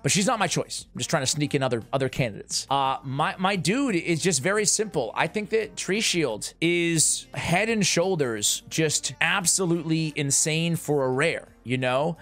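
A man's voice: fairly high pitch, expressive, normal speed, few pauses, fairly bright tone, faint music behind. A man giving casual gaming commentary as a game guide creator, rambling with energy and talking straight to his viewers.

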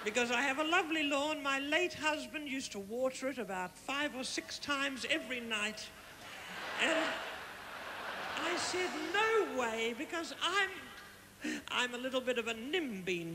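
A man's voice: very high voice, expressive, a little slow, exaggerated voice. A man playing a flamboyant, gushing aging Australian housewife diva with an Australian accent, giving a live comic stage introduction. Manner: theatrical, gushing, cheekily condescending. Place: huge outdoor concert at a palace. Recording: echoey live arena with loud crowd noise.

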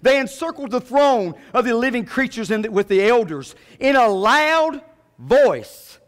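A pastor preaches a sermon in a strikingly high voice. He swings from low murmurs to loud, ringing calls. His voice trails off into the long reverb of a church sanctuary. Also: expressive, measured pace.

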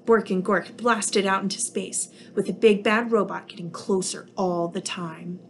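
A woman who teaches preschool, reading a picture book aloud to young children with expressive storytelling. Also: mid-range voice, unhurried, slight background noise.

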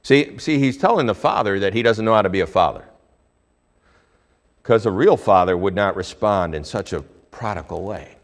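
A male pastor preaching a sermon, telling a Bible story with lively swings between hushed and loud delivery. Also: lowish voice, moderate pace.

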